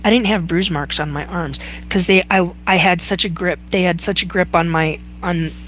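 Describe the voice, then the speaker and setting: A woman hosting a live chat, telling a personal story in a halting way with many fillers and restarts. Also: lowish voice, fairly even intonation, a bit bright, a little hiss or hum. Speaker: host.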